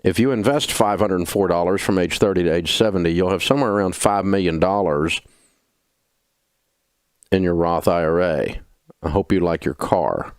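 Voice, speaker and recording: A man's voice: low-pitched, normal speed, clean tone, dry recording, clean studio sound. An older man giving folksy, emphatic personal finance advice as a host.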